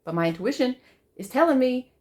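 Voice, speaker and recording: Emotional woman venting, fairly high voice. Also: lively intonation, fairly quick. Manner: swears often, repeats herself, swings from loud to soft. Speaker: vlogger. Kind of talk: emotional personal monologue.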